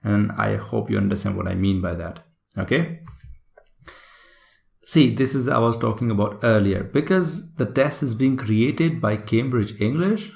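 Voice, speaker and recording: Male teacher, lowish gravelly voice, friendly explainer for a video course. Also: measured pace, a little mellow. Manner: explanatory, checks in with "right?" and "okay?". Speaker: exam prep teacher. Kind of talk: recorded video lesson.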